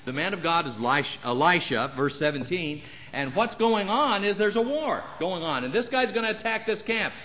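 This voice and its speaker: A man preaching a sermon in a church, acting out the people in the passage and adding humorous asides. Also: moderate pace. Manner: animated, acts out Bible characters with jumps in pitch. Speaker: pastor. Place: church sanctuary.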